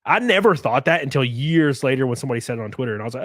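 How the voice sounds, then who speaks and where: A man's voice: medium pitch, big pitch swings, racing, few pauses, fairly bright tone, no echo. A man with a Southern US accent chatting casually on a live stream, reading chat aloud, swearing freely and laughing often.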